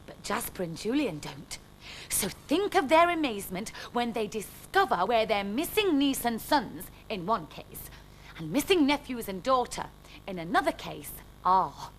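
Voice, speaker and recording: A woman, reading a children's story aloud in a bright, expressive way. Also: mid-range voice, a little slow, slight background noise, poor audio.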